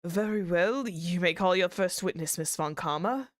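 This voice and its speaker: A woman voicing a formal, measured older male judge presiding over a game trial. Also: lowish voice, no room sound, studio quality, lightly acted.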